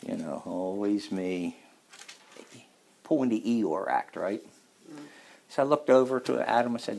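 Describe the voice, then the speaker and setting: A man's voice: lowish voice, lively intonation, normal speed, vocal fry, pauses often, darkish tone, a little hiss or hum. A man preaching a sermon in a church, telling a folksy, humorous story before rising to emphatic scripture reading.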